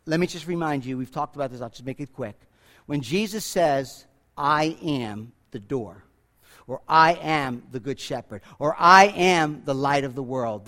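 A man preaching a sermon to his congregation, swinging from loud, emphatic peaks to quiet asides. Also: a little high. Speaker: pastor. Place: church.

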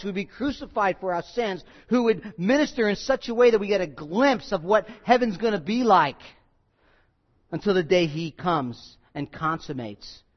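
A male pastor preaching a sermon, emphatic, repeating key phrases and swinging between loud and quiet. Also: high voice, dull audio.

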